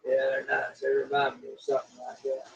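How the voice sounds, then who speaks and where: A man's voice: medium pitch, monotone, a little fast, gravelly. A man chiming in with dry, teasing asides during a live chat. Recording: dull, from far off the mic.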